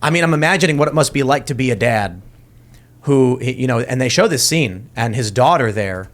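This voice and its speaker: A man's voice: medium pitch, animated, fairly quick. A man hosting a casual panel podcast, retelling a TV scene in a loose, rambling way with many restarts. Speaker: podcast host.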